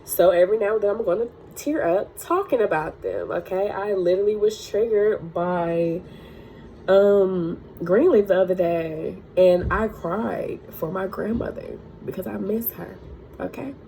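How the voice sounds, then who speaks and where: With a mid-range, gravelly, dark-toned voice and a measured pace, a young woman who owns a crystal healing channel talks over slight background noise. She swears bluntly and preaches in a personal vlog about hard times, sometimes tearing up.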